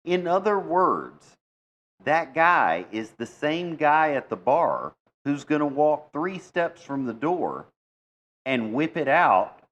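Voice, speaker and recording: A man co-hosting a podcast in casual chat, thinking aloud and making measured points with frequent restarts. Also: on the high side, very animated, a bit bright, muffled recording. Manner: reflective, makes measured points with repeated restarts. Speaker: podcast co-host.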